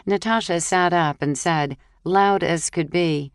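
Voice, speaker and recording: A woman narrating a cozy mystery audiobook in a measured, even storytelling voice. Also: on the low side, clean tone, no room sound, clean studio sound. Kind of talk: scripted narration.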